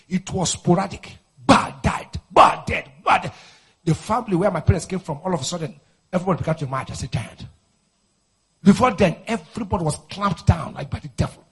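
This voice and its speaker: A man preaching a fiery deliverance sermon, shouting forceful declarations and then dropping into quieter explanation. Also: husky. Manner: shouting, forceful declarations, swings to low intensity.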